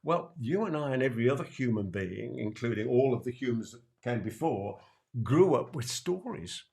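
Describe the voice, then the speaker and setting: An older man with a British accent, teaching persuasion to camera, emphatic and repeating key lines slowly, with playful asides. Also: medium pitch, lively intonation, vocal fry, mellow. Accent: British English. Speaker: sales trainer. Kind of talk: direct-to-camera teaching talk.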